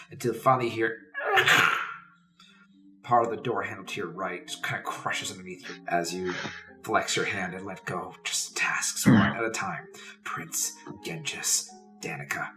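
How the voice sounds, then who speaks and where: A man's voice: low-pitched, a little slow, music in the background. A man narrating a tabletop role-playing game as game master, in dramatic second-person narration. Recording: distant mic with faint hiss.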